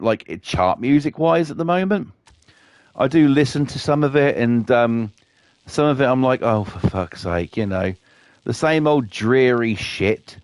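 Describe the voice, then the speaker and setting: A man's voice: mid-range voice, darkish tone, no room sound. A British man chatting casually on his live stream, rambling and swearing a lot.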